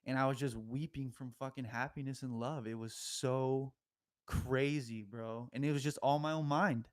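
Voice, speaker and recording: A young man spins a long, meandering story on a podcast, full of slang and loose asides. His voice sits at an ordinary middle pitch. He laughs easily as he talks. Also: fairly even intonation, moderate pace. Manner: rambling, slangy, laughs often mid-story.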